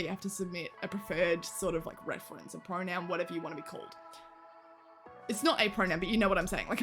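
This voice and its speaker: A woman's voice: medium pitch, a bit bright. A woman livestreamer chatting casually with her viewers, laughing often, swearing now and then and reading chat aloud.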